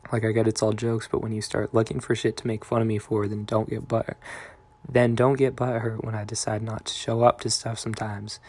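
A young man talks straight to his viewers in a loose, wandering monologue that drifts from one thought to the next. His voice sits low and stays fairly monotone. It is full of fillers and trailing asides. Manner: rambling, meandering, many fillers and trailing thoughts. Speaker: vlogger. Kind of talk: casual rambling monologue.

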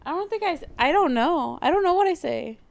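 A woman's voice: extremely high pitch, expressive, fairly quick, creaky. A woman co-hosting a comedy podcast in casual chat, giggly and teasing.

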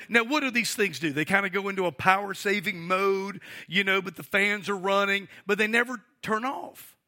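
A middle-aged male pastor preaches a sermon in a high, pushed, bright voice, speaking emphatically and calling on the congregation to respond.

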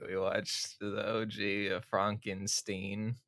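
Deadpan low-voiced podcast co-host man. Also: slow pace, no echo, studio quality. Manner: deadpan, wry, laughs often. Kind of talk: casual comedic podcast chat.

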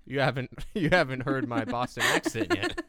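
A man's voice: medium pitch, wildly swooping pitch, normal speed, a bit bright, no room sound. A man co-hosting a casual podcast chat, rambling and hesitant, often trailing off and starting over. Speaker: podcast co-host.

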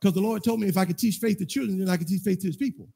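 A man in the pulpit with a slightly high, husky voice, talking to his congregation in a loose conversational way. Every so often he swells into loud, emphatic preaching, then drops back into storytelling. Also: racing. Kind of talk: sermon with personal storytelling. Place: church sanctuary.

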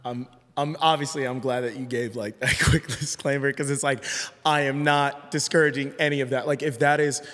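A man's voice: medium pitch, steady tone, moderate pace, fairly bright tone. A man talking as a podcast guest in a casual conversation, earnest and hesitant, often restarting his sentences. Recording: long hall reverb.

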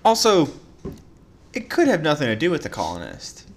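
A man co-hosting a casual podcast, cutting in with sarcastic remarks and halting asides. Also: a little high, huge pitch swings, slight background noise. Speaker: podcast co-host.

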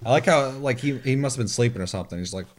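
A man in casual chat about a video game, telling animated stories with laughter, swearing and mimicked sounds. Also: medium pitch, rapid-fire.

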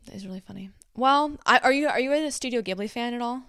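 Fast, excitable woman, higher voice, dry close sound; podcast co-host. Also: clean tone, no room sound. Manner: excitable, trips over words. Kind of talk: casual chat.

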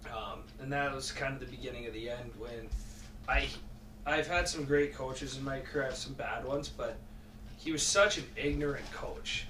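A man's voice: medium pitch, moderate pace. Distant, roomy-sounding male hockey guest. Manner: animated storytelling, voices other people. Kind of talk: casual chat. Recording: roomy, distant, faint noise.

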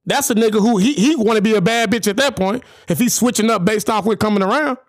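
A man co-hosts a podcast in loud, profane casual banter. His voice sits very high and sounds dry and close. He rants fast and cuts across the others. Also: no room sound. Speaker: podcast co-host.

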